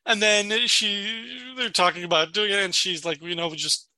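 Bright-voiced man chatting casually. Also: high voice, steady tone, moderate pace, dry recording. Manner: chatty, laughs often, retells scenes with quotes. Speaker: podcast co-host. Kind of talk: casual chat recapping a sitcom episode.

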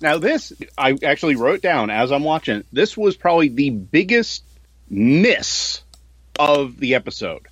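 A man with a mid-pitched, lively, animated voice talks through a sitcom episode on a podcast. He weighs the jokes and comic timing in an easy, conversational way. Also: a little slow, slightly rough, dry recording. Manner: analytical, points out jokes and timing. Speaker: podcast host. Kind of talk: casual podcast chat about a sitcom.

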